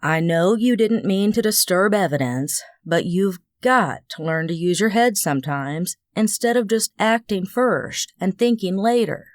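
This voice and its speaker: A woman's voice: medium pitch, animated, unhurried, few pauses, no echo, clean studio sound, close to an everyday voice. A woman voicing a tired, irritated cop boyfriend. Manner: clipped, tired, gently scolding. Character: a man, a patient but irritated cop boyfriend. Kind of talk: audiobook character voice.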